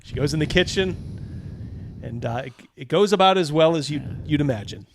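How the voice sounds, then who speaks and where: A man narrating a tabletop game as game master, halting with many fillers. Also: a little high, lively intonation, vocal fry, a little hiss or hum.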